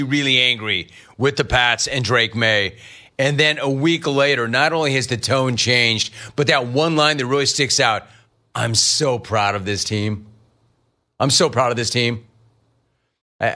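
A middle-aged man hosting a sports talk radio show, riffing lively on callers and the news. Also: mid-range voice. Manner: lively, riffing, mock-quoting callers and family.

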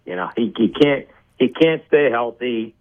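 A man's voice: mid-range voice, expressive, unhurried. A man co-hosting a casual podcast, hesitant and stammering, often repeating himself. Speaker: podcast co-host. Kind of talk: casual chat. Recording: dull lo-fi sound.

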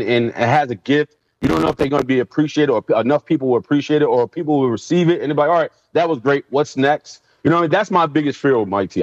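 A man's voice: medium pitch, no room sound. Ex football guy telling stories, slightly muffled lo-fi audio, dry sound. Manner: animated, acts out quotes in raised voices. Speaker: former NFL player guest. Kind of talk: casual storytelling interview. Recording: dull lo-fi sound.

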